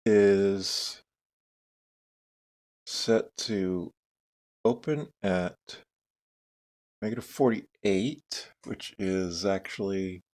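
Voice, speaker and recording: A man's voice: low-pitched, extremely slow, long pauses, darkish tone. A man live streaming who talks casually and thinks aloud while adjusting his microphone settings. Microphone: desk microphone with noise gate and compressor.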